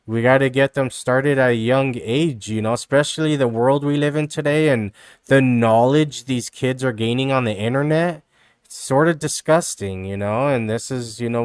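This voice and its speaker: A male live streamer with a smooth, dry, mid-range voice reacts to videos in a dry recording. His casual commentary is rambling, sarcastic and mocking, repeating itself constantly and peppered with "dude" and "you know."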